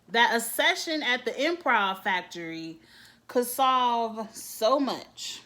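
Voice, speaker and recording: A woman's voice: a little high, expressive, slow pace, pushed and bright. A woman, giving a casual, opinionated recap of a reality show and acting out the people she quotes. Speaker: TV show reviewer.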